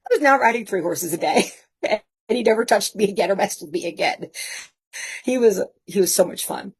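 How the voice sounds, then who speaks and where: A woman in her fifties, a guest telling lively personal anecdotes in a casual way, laughing often. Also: mid-range voice, a little fast, husky. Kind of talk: casual storytelling.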